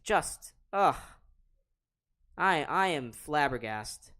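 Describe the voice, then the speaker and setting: A man's voice: mid-range voice, lively intonation, slow, a bit bright. Young man ranting over hockey play-by-play. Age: late teens. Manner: exasperated, ranting, repeats himself. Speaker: livestream host. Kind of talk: live reaction play-by-play.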